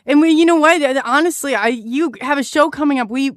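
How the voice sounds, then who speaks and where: A woman's voice: high-pitched, no room sound, clean studio sound. A woman hosting a podcast, chatting casually and readily affirming her guest. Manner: warm, agreeable, quick to affirm. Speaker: podcast host. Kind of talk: casual chat.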